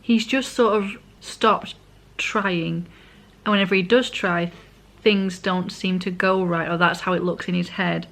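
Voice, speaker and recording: A woman's voice: on the low side, fairly even intonation, a little slow, creaky, a bit bright. A woman, casually recapping a manga in a rambling, chatty way, sometimes correcting herself and eating as she talks. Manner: eating while talking. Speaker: vlogger.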